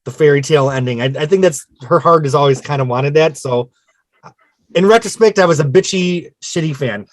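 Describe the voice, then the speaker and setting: A man's voice: on the high side, a little fast, no echo. A man hosting a casual album-discussion podcast, chatty and self-mocking. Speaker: podcast host.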